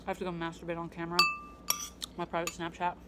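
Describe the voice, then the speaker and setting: A woman's voice: fairly low pitch, monotone, fast talker, very noisy. A young woman chatting casually in a vlog from her bedroom, swearing freely and rambling with lots of ums. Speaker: vlogger.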